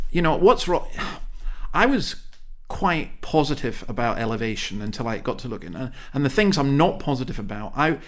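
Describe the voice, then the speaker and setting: A Scottish man hosting a podcast, opinionated and chatty. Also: mid-range voice. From Scotland. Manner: opinionated, chatty, laughs easily. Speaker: podcast host. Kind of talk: casual chat.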